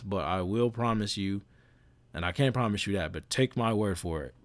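A man's voice: low-pitched, a little mellow, no room sound. A man hosting his own podcast, giving a casual, rambling motivational monologue with lots of restarts. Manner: casual, repetitive, self-correcting, preachy. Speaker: podcast host.

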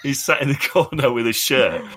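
A man's voice: medium pitch, sing-song, normal speed, over a noisy crowd. A man co-hosting a podcast in casual chat, joking and laughing as he talks. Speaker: podcast co-host.

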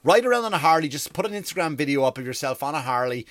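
Male comic host, sarcastic rambling rant, slightly high voice, dry close sound. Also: animated, rapid-fire, a bit bright, dry recording. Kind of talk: comedic rant.

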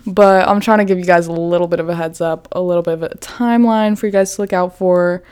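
A woman's voice: lowish voice, fairly even intonation, a little fast, darkish tone, smooth. Giggly young woman podcast host. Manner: chatty, giggly, swears freely, lots of "like". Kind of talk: casual solo podcast chat.

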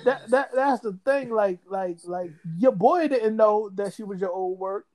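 A man's voice: high voice, a little slow, a little mellow. A man co-hosting a podcast in casual chat, rambling and repeating words, full of slang. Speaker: podcast co-host.

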